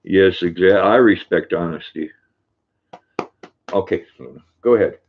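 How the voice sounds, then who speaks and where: Older male stream host, deep, folksy chat-reader, thin phone-quality audio. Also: measured pace, a little hiss or hum. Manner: folksy, warm with his dog, chatty. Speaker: livestream host. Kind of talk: reading viewer chat aloud on a livestream. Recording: tinny phone-like sound.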